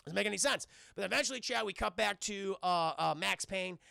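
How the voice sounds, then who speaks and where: A man casually recapping a film for his stream chat, animated and swearing freely as he addresses the chat. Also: high voice, a little fast, creaky, no room sound, clean studio sound.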